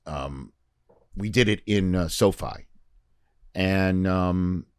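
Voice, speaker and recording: Deep-voiced man telling a story. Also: takes it slowly, clear, resonant tone, no echo, clean studio sound. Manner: animated storyteller, acts out quoted dialogue. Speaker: podcast guest. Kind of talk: casual storytelling chat. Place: podcast studio.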